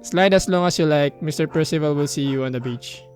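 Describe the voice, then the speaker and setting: Young Filipino-accented man, lively let's-play host, higher voice, reading game text aloud. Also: a little fast, soft background music. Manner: excitable, reads on-screen story text aloud, mixes in Tagalog asides. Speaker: gaming YouTuber.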